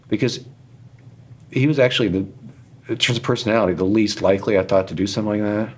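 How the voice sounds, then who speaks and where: A man's voice: fairly low pitch, normal speed, long pauses, husky. A man being interviewed, telling candid personal stories in an earnest, self-deprecating, rambling way, emotional at times. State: emotional, choked up in places. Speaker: interview guest, author and radio host.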